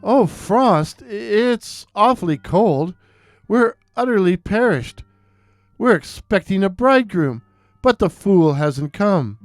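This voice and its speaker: A man's voice: high voice, lively intonation, slow pace, no echo, studio quality, faint music behind, heavily acted. A man doing petulant bickering young sisters. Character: two spoiled quarrelsome young sisters. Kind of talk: storytelling.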